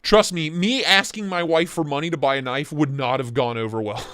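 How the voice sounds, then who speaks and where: A young man hosting a casual knife livestream from his home office, excitable and joking as he reacts to chat. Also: a little high, fairly quick, few pauses, smooth, no room sound, clean studio sound. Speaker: livestream host reviewing knives. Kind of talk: casual live-stream chat.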